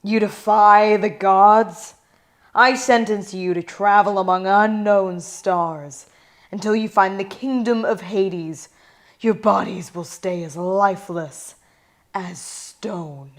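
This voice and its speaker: A woman doing a stern god in fake American. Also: medium pitch. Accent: American, put on badly. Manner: slow, declaiming. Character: stern angry god passing judgment.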